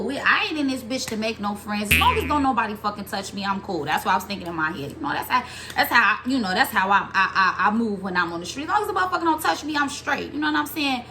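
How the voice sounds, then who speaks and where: A young woman telling a story about her own past in a casual vlog, animated and profane, acting out other people's lines. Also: a little high, slight background noise.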